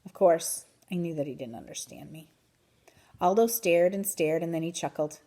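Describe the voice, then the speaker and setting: A woman reading a children's book aloud in an expressive, animated way. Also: on the low side, moderate pace. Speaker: reader. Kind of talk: storybook read-aloud.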